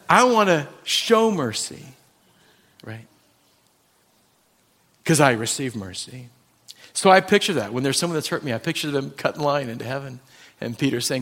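A man's voice: mid-range voice, animated, normal speed, pauses often, fairly bright tone. A male pastor preaching a sermon, talking conversationally and addressing the congregation directly with personal stories.

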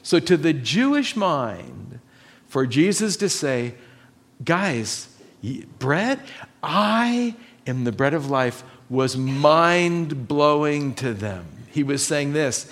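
A man preaching a sermon as pastor, emphatic, repeating his key points and asking his listeners questions. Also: mid-range voice.

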